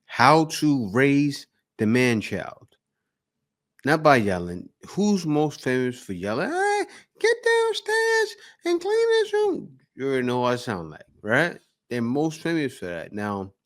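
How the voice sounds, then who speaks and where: Lively opinionated male commentator. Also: mid-range voice, unhurried. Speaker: reaction video host. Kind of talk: casual commentary.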